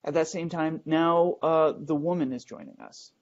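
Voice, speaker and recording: A man hosting a show, telling a first-person ghost story in a halting way, with many fillers and restarts as he builds suspense, in a dull lo-fi recording. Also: a little high. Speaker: host.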